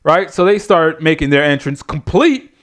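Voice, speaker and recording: A high-voiced man reviews a wrestling show in a profane, exasperated rant. He talks bluntly and swears constantly, piling up his complaints. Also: expressive, moderate pace, fairly bright tone.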